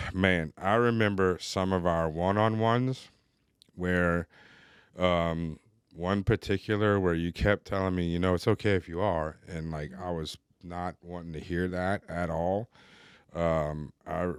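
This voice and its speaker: A man's voice: deep voice, fairly even intonation, slow pace, smooth, no room sound, clean studio sound. A man hosting a recovery podcast, telling his own story in a candid, loose and chatty way. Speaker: podcast host. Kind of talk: casual recovery podcast conversation.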